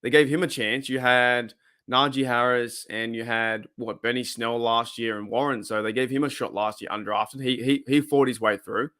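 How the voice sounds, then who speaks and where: A thirties-aged Australian man hosts a fan livestream in a medium-pitched voice that is steady yet sharp, at normal speed. The chat with viewers is laid-back and rambling, full of repetition.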